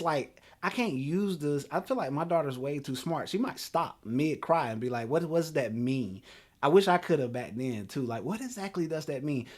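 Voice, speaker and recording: A man in his thirties hosting a talk show, telling a story in an animated, laughing way. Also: a little high. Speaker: podcast host.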